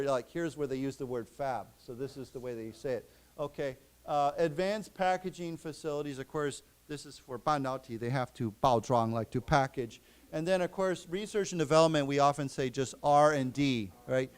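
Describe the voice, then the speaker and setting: A man teaching English to a class, explaining words and repeating them slowly for his students. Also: a little high, clear, resonant tone. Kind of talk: classroom lesson. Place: library lecture room.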